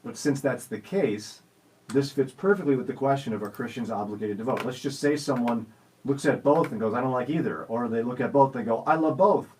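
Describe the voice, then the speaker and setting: A man's voice: mid-range voice, fairly quick, darkish tone, a little hiss or hum, rough recording. A man co-hosting a radio show in the studio, chatting casually and telling stories in a playful, teasing way.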